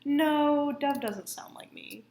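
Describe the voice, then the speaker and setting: A woman's voice: high-pitched, takes it slowly, warm tone, echoey room. A woman co-hosting a live drawing stream, chatting casually, laughing often and telling stories. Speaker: comic artist co-host on a live drawing stream. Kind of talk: casual chat.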